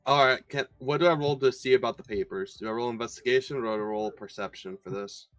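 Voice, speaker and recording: A man plays a tabletop game in a laid-back, wry way. His voice is mid-pitched and dry, with quiet music behind him. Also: fast, no room sound. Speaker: player. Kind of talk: casual tabletop play.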